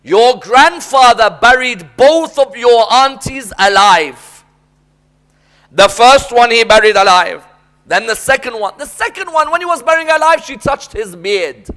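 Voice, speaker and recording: A man voicing an older father who quietly consoles his son. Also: very high-pitched, animated, a little slow, full character voice. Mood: consoling.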